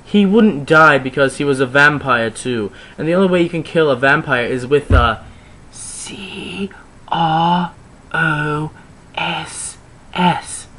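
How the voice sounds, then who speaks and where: A man reading fan fiction aloud in a mock-dramatic style, with theatrical delivery and sudden loud outbursts. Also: medium pitch, expressive, normal speed, few pauses. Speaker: reader.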